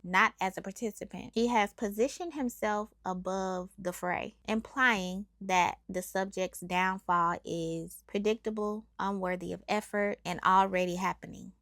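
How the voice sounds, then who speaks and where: A woman hosting a show, calmly reading a scripted, measured breakdown of song lyrics. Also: medium pitch, no room sound, studio quality. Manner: measured, analytical, explanatory. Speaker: host.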